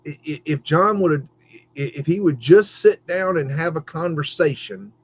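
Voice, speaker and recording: Middle-aged guy ranting on a livestream, swears a ton, trips over his words, kinda high voice, muffled lo-fi audio. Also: moderate pace. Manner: heated, profane, stammering restarts. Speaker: podcast host. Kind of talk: livestream rant. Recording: dull lo-fi stream audio.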